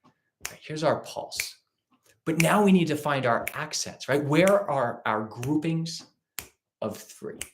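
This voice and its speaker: A man's voice: on the high side, animated, slow, noisy background. A man teaching a live ukulele strumming lesson, explaining patiently and counting and chanting rhythms aloud as he claps. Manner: patient, explanatory, asks rhetorical questions. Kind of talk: live-streamed music lesson.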